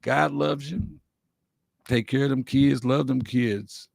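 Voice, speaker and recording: Speaking slowly with fairly even intonation, this livestream host has a medium-pitched, creaky, slightly mellow voice. His heartfelt motivational talk is folksy and sincere, and he keeps coming back to his key lines. There's no room sound, just a clean studio recording.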